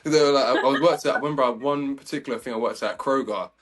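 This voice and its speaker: A young man with a British accent hosts a relaxed interview. His voice sits at an ordinary pitch, and he tells animated stories. He laughs easily and often repeats words. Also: fast talker. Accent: British English. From England. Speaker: podcast host. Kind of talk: casual interview chat.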